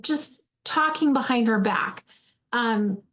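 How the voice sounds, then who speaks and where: A woman's voice: on the high side, slow, a bit bright. A woman in her forties from Alaska giving an earnest motivational talk, often calling her listeners friends and repeating words as she goes. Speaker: host, faith-based speaker.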